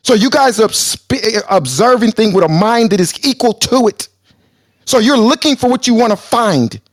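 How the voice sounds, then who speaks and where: A man's voice: high voice, no echo, studio quality. Combative man debating on a talk show. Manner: loud and combative, then deliberately calming down. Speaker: show co-host.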